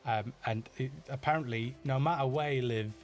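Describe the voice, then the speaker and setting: Speaking at normal speed in a mid-range voice, this middle-aged Yorkshireman, with the region's accent, fields viewer questions in a relaxed live Q&A. He chats away in a self-mocking manner, often restarting and using lots of fillers.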